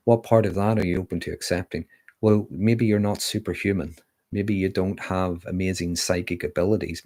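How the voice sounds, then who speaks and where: Deep-voiced man explaining calmly. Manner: calm, explanatory, with frequent fillers. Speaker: livestream host on mental health. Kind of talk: casual livestream talk.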